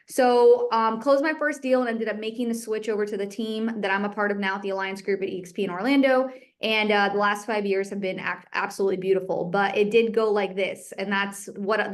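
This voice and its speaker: A young adult woman, a guest speaker and real estate agent, giving a candid and energetic motivational talk about her own career to a group. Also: medium pitch.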